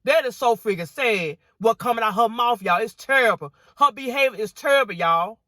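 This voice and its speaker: A woman's voice: on the high side, animated, moderate pace, a bit bright, no room sound, studio quality. A woman vlogger giving indignant reaction commentary on viewer comments, repeating herself and saying y'all often.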